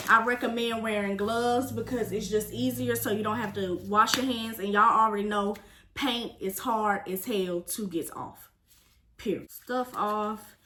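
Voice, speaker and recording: A woman's voice: mid-range voice, echoey room, noisy background. A young woman telling a storytime vlog in a chatty, sassy way, talking straight to her viewers. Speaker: vlogger.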